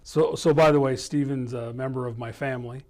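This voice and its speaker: A man's voice: mid-range voice, steady tone, fairly quick, darkish tone. A man hosting a casual podcast in a small office studio, upbeat and chatty with frequent fillers. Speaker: host.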